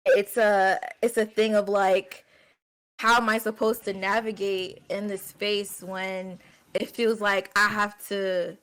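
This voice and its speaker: A woman talking candidly in a group discussion, slow and hesitant, with many fillers. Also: medium pitch, little pitch movement, fairly bright tone, clean tone. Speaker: stream co-host.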